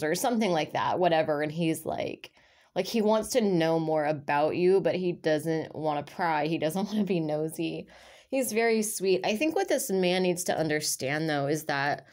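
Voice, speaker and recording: A woman with a slightly low voice chats through a tarot reading for her audience. She rambles from thought to thought with a loose, filler-heavy flow. The tone stays casual and conversational throughout. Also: a little mellow. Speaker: tarot reader.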